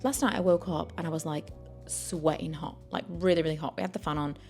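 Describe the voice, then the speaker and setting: A woman's voice: sits low, steady tone, a little fast, a little mellow, faint music behind. A woman, chatting casually and rambling to camera in a vlog. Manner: chatty and rambling, with frequent fillers. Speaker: vlogger.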